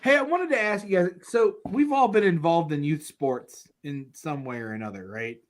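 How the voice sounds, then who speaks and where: A man in his thirties co-hosting a casual podcast, telling family stories in an animated way and laughing through them. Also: a little high, normal speed. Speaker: podcast co-host. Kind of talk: casual chat.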